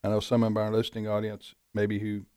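A man hosting a talk radio show, chatting casually in a rambling way, with frequent pauses and restarts. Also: lowish voice, completely flat delivery, dark tone, clean tone, dry recording, studio quality.

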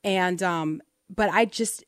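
A woman's voice: lowish voice, slow pace, smooth, no room sound, clean studio sound. A woman in her thirties co-hosting a faith podcast, telling her story in a reflective, earnest way. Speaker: co-host. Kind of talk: casual faith podcast conversation.

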